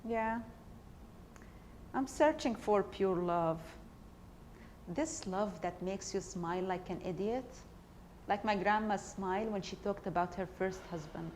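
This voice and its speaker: A woman's voice: medium pitch, unhurried, long pauses, darkish tone, slight background noise. Earnest woman. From Palestine. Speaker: performer. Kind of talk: documentary stage play.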